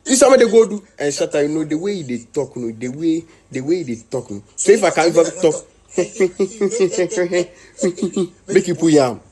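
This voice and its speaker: Ghanaian guy chatting away, fired up, slips into pidgin a lot, kinda high voice. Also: a little slow, a crowd in the background. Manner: animated, mixing Ghanaian pidgin and Twi.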